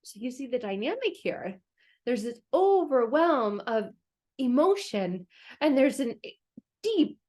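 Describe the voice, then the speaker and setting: Playful woman with a high voice. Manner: playful, animated storytelling, laughs often. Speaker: self-help video host. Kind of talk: casual advice talk to camera.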